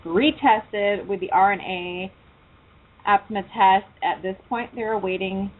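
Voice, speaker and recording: A woman hosting a laid-back internet radio show. She chats in a loose, profane way. The sound is tinny and phone-like, with a faint hiss underneath. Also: mid-range voice. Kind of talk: casual internet radio chat.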